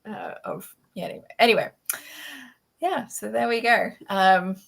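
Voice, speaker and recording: A woman with an Australian accent hosting a casual chat, talking in quick bursts full of fillers and restarts, laughing often. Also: medium pitch, vocal fry. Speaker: podcast host.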